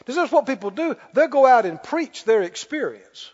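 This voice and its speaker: A man preaching a sermon, telling a story with laughs and loud bursts of prayer. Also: very high voice, very animated, normal speed. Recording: dull lo-fi sound with long hall reverb.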